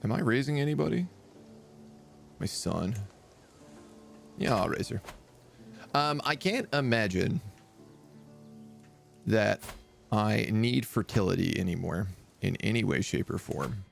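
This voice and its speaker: Guy streaming a strategy game, low raspy fry-ish voice, chatty thinking out loud, little bit of game music behind. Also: lively intonation, unhurried, pauses often. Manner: thinking aloud, casual and chatty. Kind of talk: live gameplay commentary.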